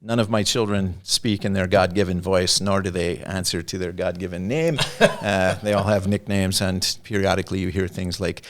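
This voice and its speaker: A man in his fifties, a podcast guest telling stories in a relaxed, jokey way, a self-described mimic. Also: low voice, normal speed, hardly any pauses, noisy background. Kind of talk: conversational storytelling.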